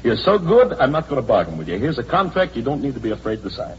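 Actor as a blustering studio head, lively pitch. Old radio play, faint hum. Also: male voice, natural voice. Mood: persuasive. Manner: blustering, wheedling, quick to laugh. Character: brash middle-aged male film studio boss. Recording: dull old recording with hum and hiss.

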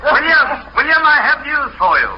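A high-voiced English gentleman rogue who chuckles his way through every airy, upper-class line. The 1940s radio play comes through dull and lo-fi, with a clear hiss behind it. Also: animated, moderate pace. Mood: apologetic. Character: jaunty elderly-sounding English gentleman swindler. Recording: old radio broadcast recording, dull with hiss.

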